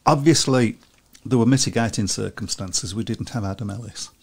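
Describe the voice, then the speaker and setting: A man's voice: lowish voice, normal speed, gravelly, darkish tone, breathy edge. A man hosting a casual speedway chat show, chatty and chuckling between his points. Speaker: host.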